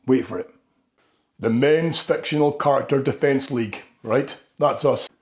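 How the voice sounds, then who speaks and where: A man's voice: mid-range voice, a little mellow. Rambling man doing a comic rant. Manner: rambling, tags lines with "right?". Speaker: comedy vlogger. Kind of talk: comedic monologue.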